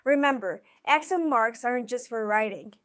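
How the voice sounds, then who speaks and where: A woman teaching a scripted video lesson, speaking clearly and encouragingly and slowing down to sound out example words. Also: fairly high pitch, lively intonation, fairly bright tone. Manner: clear, encouraging instructional delivery. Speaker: Spanish teacher.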